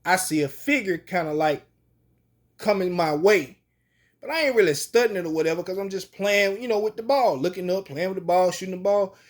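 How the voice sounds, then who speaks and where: Man, slangy colloquial storyteller, fairly high-pitched. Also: brisk. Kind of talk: casual spoken storytelling.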